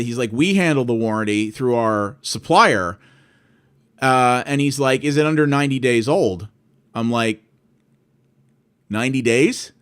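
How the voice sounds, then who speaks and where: A man of middle pitch rants at length about customer service. He is fed up and swears freely, and he keeps acting out both sides of every phone call. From Canada. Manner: exasperated storytelling, quoting both sides of calls. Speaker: video blogger. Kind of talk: ranting monologue.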